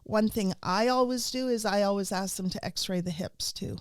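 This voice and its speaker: Middle-aged woman, casual podcast guest, anecdotal and warm, dry recording. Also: medium pitch, normal speed, clear, resonant tone, no room sound. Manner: storytelling, warm and animated with laughs. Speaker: rescue dog trainer, guest.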